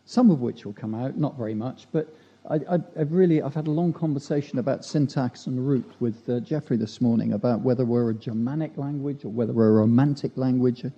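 At a church gathering, a man recites a humorous rhyming poem, adding chatty, self-deprecating asides between verses. His mid-range voice is fairly quick, warm, and breathy-edged, on a dull lo-fi recording.

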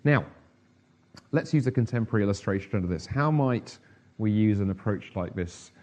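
A man's voice: on the low side, expressive, moderate pace, a little mellow. Male preacher, conversational sermon. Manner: conversational, humorous, with asides.

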